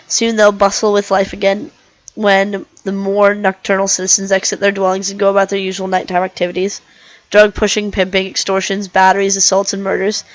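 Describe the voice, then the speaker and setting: A woman's voice: medium pitch, no room sound, natural voice, low-quality recording. A woman voicing a weary, cynical male herbivore dinosaur detective, reading a visual novel aloud in first person with small restarts. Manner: plain first-person narration, restarts over misread words.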